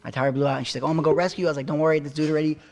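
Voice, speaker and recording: A man casually telling animated, profane stories on a podcast, acting out the quotes. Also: on the high side, rapid-fire. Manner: animated, swearing, acts out quotes. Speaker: podcast co-host. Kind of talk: casual storytelling chat.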